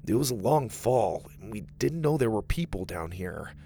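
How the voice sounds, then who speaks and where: A man voicing a level-headed boy who speaks calmly and reassuringly. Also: fairly low pitch, moderate pace, gravelly, soft background music. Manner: calm, reassuring.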